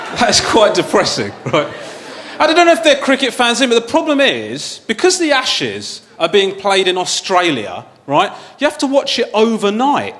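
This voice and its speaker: Wry male comic with lively high voice. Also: noisy background. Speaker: stand-up comedian. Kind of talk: stand-up comedy routine. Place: comedy club stage with live audience. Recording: live club with crowd.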